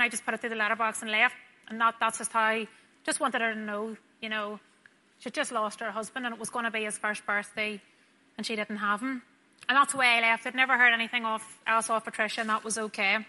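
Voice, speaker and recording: A woman's voice: a little high, sharp tone. Northern Irish woman telling a heartfelt story. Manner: chatty, acts out dialogue, says "wee" often. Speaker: speaker giving a personal faith testimony. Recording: long hall reverb.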